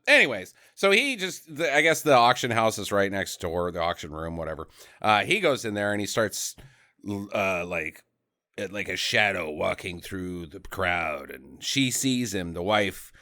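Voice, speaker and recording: Bright, crisp-voiced man recapping a movie. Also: on the low side. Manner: rambling, dry sarcastic asides. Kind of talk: casual bad-movie recap.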